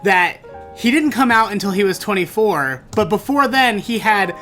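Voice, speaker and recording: A man hosting a storytelling show, recounting a bad date in an animated, theatrical way that bursts into exclamations. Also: high-pitched, moderate pace, faint music behind. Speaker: storytelling podcast host. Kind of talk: comedic personal storytelling.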